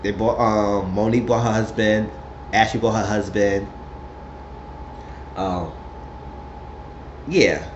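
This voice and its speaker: A man's voice: fairly even intonation, slow pace, pauses often. A man recapping a reality show episode in casual, gossipy storytelling. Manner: chatty storytelling, puts on high voices quoting people. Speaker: recap vlogger. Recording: roomy, dull lo-fi sound with faint hiss.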